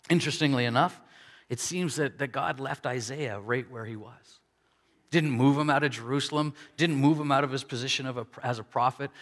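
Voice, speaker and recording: Man, pastor, sermon, lively storytelling, acts out quoted speech, mid pitch, long hall reverb. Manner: conversational preaching with dramatic quoted dialogue.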